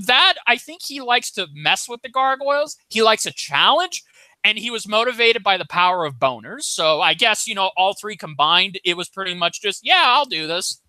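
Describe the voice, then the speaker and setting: A man co-hosting a podcast in casual chat, animated and jokey, often trailing off mid-thought. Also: sits high, no echo. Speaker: podcast co-host.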